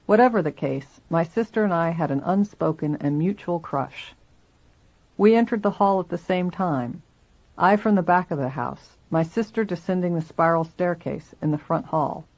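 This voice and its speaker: A reader narrating a memoir aloud in steady first person, in a dull lo-fi recording. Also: mid-range voice, normal speed.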